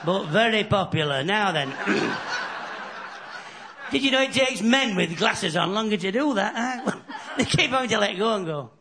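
A man from the north of England doing a bawdy stand-up routine, telling stories and slipping into quick character voices. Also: sits high, animated, creaky, sharp tone. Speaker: stand-up comedian. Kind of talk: stand-up routine with crowd laughter. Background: audience laughter.

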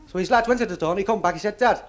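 High-voiced man telling family jokes. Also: rapid-fire. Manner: chatty family anecdotes with acted dialogue. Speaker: stand-up comedian. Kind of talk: stand-up joke telling.

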